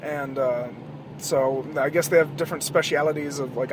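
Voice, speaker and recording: A man with a high voice, rambling and swearing through a casual late-night monologue. He talks from inside a moving car, with faint road noise behind him. He bursts into loud, animated outbursts every so often. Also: moderate pace. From American South. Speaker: podcast host.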